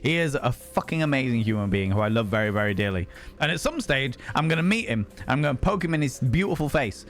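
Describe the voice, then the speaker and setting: A man's voice: mid-range voice, expressive, quick pace, faint music behind. A man live-streaming in casual chat, laughing often and swearing freely.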